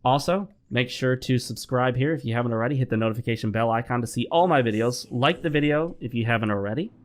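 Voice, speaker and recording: A man hosting a gameplay vlog, giving advice in a calm, instructive tone. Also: mid-range voice, fast talker. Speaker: gaming channel host. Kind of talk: advice talk over gameplay.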